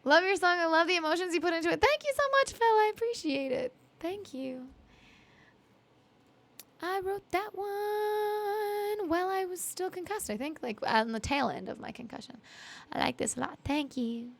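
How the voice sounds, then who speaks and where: A woman from Canada chatting with her live stream viewers, giggly and chatty with lots of ums and quick thank-yous. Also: extremely high pitch, expressive, creaky. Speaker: streamer and musician.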